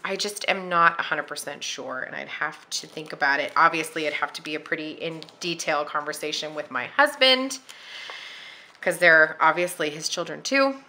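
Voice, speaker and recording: A woman with a very bright, tense voice pitched on the low side talks casually to her viewers at home. She rambles and circles back on herself, full of little fillers, as she decorates her planner. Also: normal speed, slight background noise. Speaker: planner vlogger.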